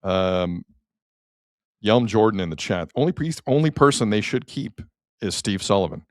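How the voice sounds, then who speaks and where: A man with a Canadian accent hosting a sports talk show, opinionated and animated, reacting to chat comments. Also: lowish voice, normal speed, no echo, studio quality. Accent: Canadian English.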